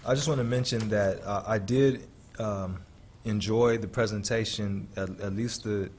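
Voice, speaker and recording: A man chairing a school board meeting, brisk and procedural. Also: on the low side, steady tone, a little mellow, slight background noise.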